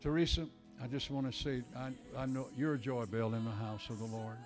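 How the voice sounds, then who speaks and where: A man in his eighties preaching a fervent revival sermon in a church, swinging from loud exhortation to soft personal words. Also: medium pitch, level tone, brisk, soft background music. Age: 80s.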